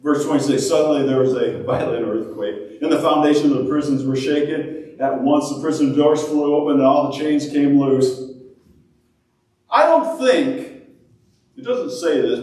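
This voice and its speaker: A man preaching a sermon as pastor, acting out prayers and complaints with a lively, rising voice. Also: medium pitch, very echoey, distant mic, rough recording. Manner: animated, acts out prayers in a raised voice.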